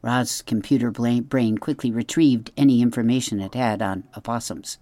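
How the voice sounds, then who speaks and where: Woman reading a children's book aloud, host, calm, expressive, low voice, dry close sound. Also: normal speed, hardly any pauses, dry recording.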